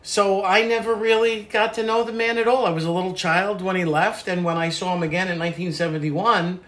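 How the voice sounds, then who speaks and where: An older man reflecting on his family history in a relaxed conversation, halting at times as he remembers. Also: high-pitched. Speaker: guest telling family history. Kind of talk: casual conversation.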